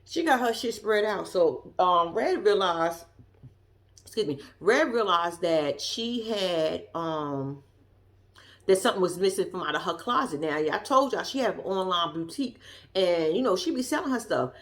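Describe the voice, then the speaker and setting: A woman's voice: lowish voice, animated, normal speed, a bit bright. A woman giving a sassy, profane, casual commentary as she recaps a reality show episode. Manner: blunt, profane, sassy storytelling.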